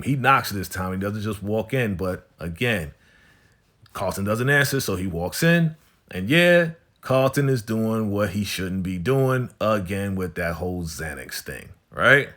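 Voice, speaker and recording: A man's voice: on the low side, a bit bright. A man casually recapping a TV episode in a laid-back, slang-filled way, often tagging his lines with "right?" and "you know".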